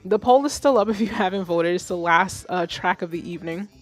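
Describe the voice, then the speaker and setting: A woman of Haitian background hosting a live music feedback stream, blunt and animated, swearing freely. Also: fairly low pitch, fairly quick. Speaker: livestream host reviewing music. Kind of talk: casual livestream commentary.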